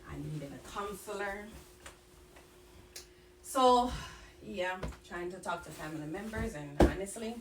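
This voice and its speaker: A young woman talking candidly to camera in a personal vlog, frank and animated, about her own life. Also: medium pitch, measured pace, pauses often, heavy background noise. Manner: frank, animated, mimics others in quoted asides. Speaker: vlogger.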